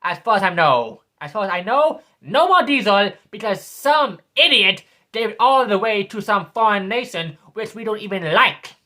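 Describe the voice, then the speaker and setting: A man's voice: high voice, expressive, moderate pace, few pauses, sharp tone. A man in his twenties delivering a sneering, repetitive political rant as a vlogger. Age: 20s. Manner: sneering, ranting, repeats himself.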